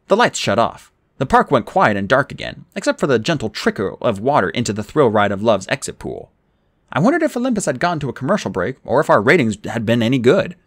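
A man reading an adventure novel aloud in the first person, with an expressive, dramatic delivery. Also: medium pitch, no room sound, clean studio sound. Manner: expressive, dramatic reading with raised character lines. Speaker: audiobook reader.

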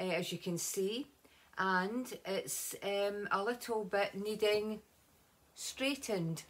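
Scottish woman, casual home vlog, chatty and rambling, filler-heavy, recorded on a nearby camera. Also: medium pitch. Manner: chatty, rambling, with many ums and asides. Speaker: vlogger.

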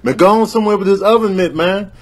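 A man with a high, fast, breathy voice plays an angry streetwise tomcat in a comedic pet video. Fed-up and threatening, he drawls and calls everyone "man".

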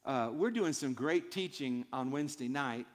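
A man's voice: mid-range voice, expressive, moderate pace. A man preaching a sermon in a church, emphatic and built on short repeated phrases. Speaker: pastor. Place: church sanctuary. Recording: long hall reverb.

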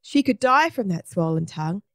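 A woman's voice: medium pitch, expressive, moderate pace, a bit bright, no room sound, studio quality. Woman reader doing a mischievous young boy, bouncy storybook voice. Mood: insistent. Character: cheeky boy storyteller who laughs at his own jokes.

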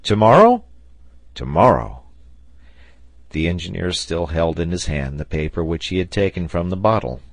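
A man narrating a classic novel as an audiobook in an expressive storytelling manner. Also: deep voice, fairly quick, hardly any pauses, no room sound. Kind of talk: scripted narration.

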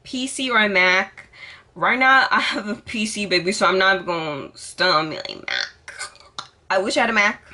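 A young woman with a bright, sharp voice chats to her camera in a casual vlog. She is sassy and over the top, swearing freely and hamming up her answers. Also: mid-range voice, normal speed. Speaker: vlogger. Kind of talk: casual get-to-know-me vlog.

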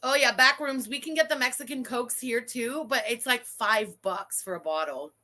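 A woman hosting a commentary channel reacts to a livestream with blunt, sarcastic remarks and free-flowing swearing. Her voice is fairly high, bright and pushed, at a moderate pace.

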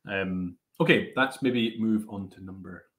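A man's voice: sits low, a little slow, fairly bright tone. Laid-back man hosting a tasting. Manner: laid-back, chatty, hesitant with many fillers. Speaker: whisky tasting host. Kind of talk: casual live-stream chat.

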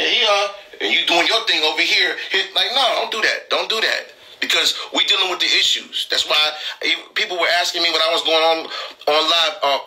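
A man's voice: sits high, pushed and bright, rough recording. Heated, emphatic man on a live stream. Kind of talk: impassioned live-stream talk.

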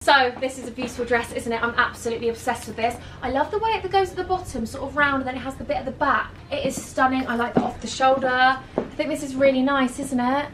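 A woman's voice: high voice, fast, music in the background. A young woman in her twenties, vlogging from a bridal shop in a gushing, emotional way. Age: 20s. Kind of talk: excited chatty vlog.

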